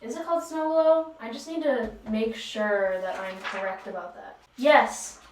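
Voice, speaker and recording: In an echoey room with a bit of hiss or hum, a woman vlogger works through a makeup tutorial, meandering, self-deprecating and full of joking asides. Her voice is fairly high and her pace measured.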